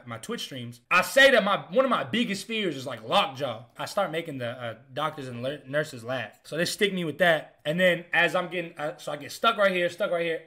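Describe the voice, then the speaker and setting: A man's voice: a little high, bright, forceful tone. A young man streamer casually telling a funny story, joking and swearing as he rambles.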